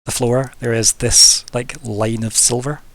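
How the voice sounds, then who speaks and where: A man's voice: mid-range voice, level tone, a little slow, dry recording. A man, narrating a tabletop fantasy game as game master, in a casual, rambling way with many fillers.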